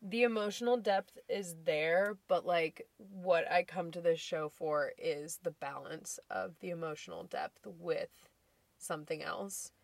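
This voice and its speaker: A woman's voice: lowish voice, measured pace, vocal fry, no echo. A woman co-hosting a podcast in casual chat, chatty, laughing often, with many fillers. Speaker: podcast co-host.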